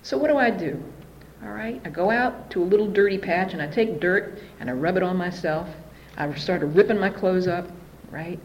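A woman telling her own story at a recovery meeting, candid and animated. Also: lowish voice, normal speed, lo-fi sound, slight background noise. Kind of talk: personal recovery testimony.

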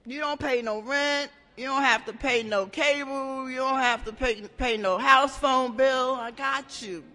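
A woman giving a raw, emotional personal share at a support meeting, talking in halting bursts with many restarts and plenty of swearing. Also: high voice, steady tone, pushed and bright. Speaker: member sharing at a support meeting. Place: meeting room. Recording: echoey hall.

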